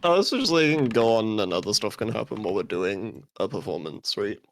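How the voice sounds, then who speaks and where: A man's voice: lowish voice, animated, a little fast, slight background noise. A man player chatting casually at a tabletop game, often repeating words. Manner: repeats himself, stumbling. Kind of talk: casual chat.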